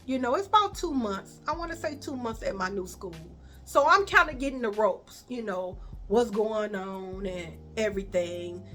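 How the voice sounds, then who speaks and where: A woman's voice: medium pitch, lively intonation, moderate pace, a bit bright. Chatty woman telling a story. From Chicago. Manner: chatty, repetitive, addresses viewers as y'all and baby. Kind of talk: casual storytime.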